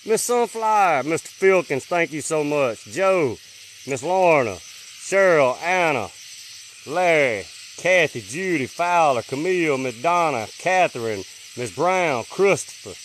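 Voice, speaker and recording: A man hosting a late-night livestream from a rural farm on his phone. He rattles off viewers' names in a drawl and drops to a hush when he listens for sounds. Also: on the high side, animated, unhurried, slight background noise. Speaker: livestream host.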